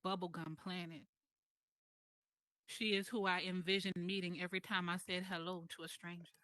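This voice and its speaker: Heartfelt woman with a slightly low voice. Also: level tone, a bit bright, no room sound. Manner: heartfelt, slow and emphatic, pausing between phrases. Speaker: guest speaker. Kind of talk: emotional personal testimony in group voice chat. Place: online voice chat server.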